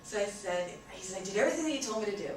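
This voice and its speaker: A woman from New York with a New York accent, telling a story to an audience and acting out both sides of the conversation in an animated way. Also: mid-range voice, very fast. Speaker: speaker on communication. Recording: distant echoey room with noise.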